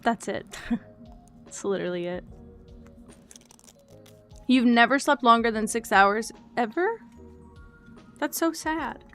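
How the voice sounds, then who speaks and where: A young woman chatting casually on a livestream, soft-spoken and quick to laugh as she talks to her cats and her chat. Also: a little high, lively intonation, soft background music.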